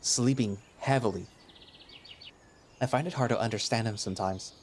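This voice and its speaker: A man narrating a first-person audio drama in a wry, expressive way. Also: on the low side, quick pace, a little hiss or hum. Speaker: narrator and lead voice.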